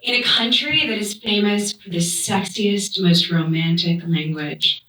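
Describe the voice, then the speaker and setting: A woman from Massachusetts doing a stand-up comedy set on a club stage. She is playful and animated and laughs often. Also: medium pitch, a little slow. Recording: roomy club sound from a distant mic with noise.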